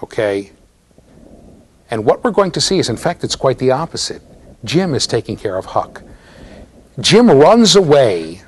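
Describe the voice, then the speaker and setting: Animated male lecturer with a lively voice. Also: mid-range voice, unhurried, pauses often, a little hiss or hum. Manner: animated storytelling with frequent rhetorical "right?" and "okay?". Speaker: university lecturer. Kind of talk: classroom lecture. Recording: 2009 lecture hall recording.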